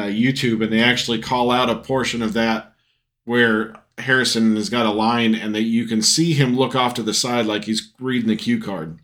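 Here the same kind of speaker, a middle-aged dad chatting casually on a podcast he hosts with his son, has a fairly low, slightly bright voice. He wanders through his thoughts, full of fillers and false starts.

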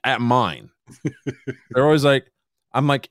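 A man's voice: mid-range voice, animated, slow pace, no room sound, studio quality. A man co-hosting a casual podcast, complaining in a sweary, exasperated way. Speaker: podcast co-host. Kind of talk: casual chat.

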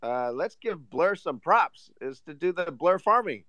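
A man's voice: fairly high pitch, lively intonation, measured pace, pushed and bright, dry recording, highs cut off. A man talking as a guest in a casual live chat, laid-back and teasing back with swearing. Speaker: guest speaker.

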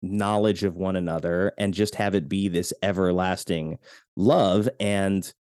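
A man hosting a casual film discussion podcast, animated and quick to laugh, often acting out quotes. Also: sits low, smooth, no room sound, clean studio sound. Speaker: podcast host.

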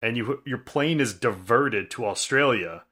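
A man's voice: medium pitch, unhurried, bright, forceful tone. A man co-hosting a podcast in casual chat, telling stories with a dry, wry manner. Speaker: podcast co-host.

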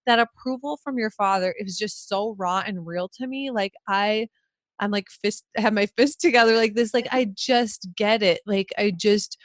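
A woman's voice: mid-range voice, moderate pace, no echo, studio quality. Effusive, emotional woman podcast host. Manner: effusive and emotional, with lots of "like" and "you know". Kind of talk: conversational podcast chat.

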